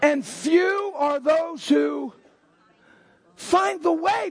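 An older man delivers a sermon from the pulpit. His voice sits strikingly high and carries a gravelly rasp, and he keeps jumping from calm explaining to fiery shouted lines. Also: very slow, long pauses. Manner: preaching with sudden shouted outbursts. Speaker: pastor.

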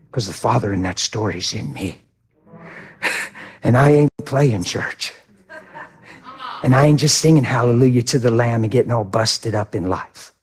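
A middle-aged man preaching a sermon with impassioned delivery, swinging from hushed to loud. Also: medium pitch, breathy edge. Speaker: pastor.

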